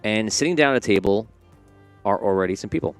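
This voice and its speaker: Brief: low-pitched male game master, loose and rambling, faint music bed. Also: quick pace. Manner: rambling, relaxed, with fillers and restarts. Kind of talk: narrating a tabletop game.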